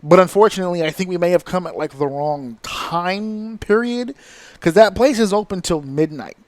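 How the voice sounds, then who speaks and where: Podcast host, man in his thirties, higher-pitched voice, swearing constantly, fired-up storyteller, dry close sound. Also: normal speed, dry recording. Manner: profane, exasperated, animated ranting. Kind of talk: casual storytelling rant.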